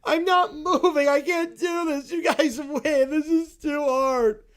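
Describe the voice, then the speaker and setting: A man's voice: very high-pitched, steady tone, takes it slowly, a bit bright, pitched above the performer's own voice, heavily acted. A man voicing a whiny, bratty little kid who complains about everything and sounds close to tears. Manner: whining, complaining, near tears.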